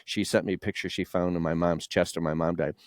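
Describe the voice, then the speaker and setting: A man's voice: low voice, little pitch movement, fast, no echo, clean studio sound. A man in his late thirties, a guest entrepreneur, telling candid, emotional personal stories in conversation, swearing freely. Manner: raw, emotional, swears freely, mimics voices.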